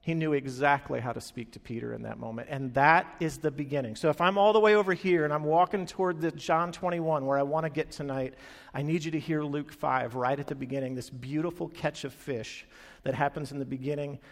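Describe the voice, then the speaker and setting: Man, sermon, animated storytelling, somewhat high pitch, echoing hall. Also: brisk. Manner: animated storytelling, acting out quoted lines. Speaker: preacher. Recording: long hall reverb.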